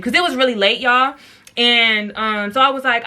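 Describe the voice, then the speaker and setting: A young woman with a bright, forward voice and a slightly high pitch tells a story to her camera. She is chatty and slangy, leans on fillers, and keeps turning to speak to her viewers directly. Her delivery is casual and loose. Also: animated, normal speed. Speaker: storytime vlogger.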